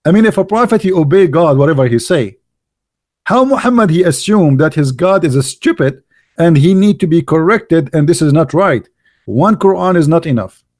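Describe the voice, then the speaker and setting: Guy with a high voice ranting, sarcastic, keeps asking rhetorical questions, grammar all over the place. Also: lively intonation, moderate pace, a little mellow. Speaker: religious commentator. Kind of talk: polemical monologue.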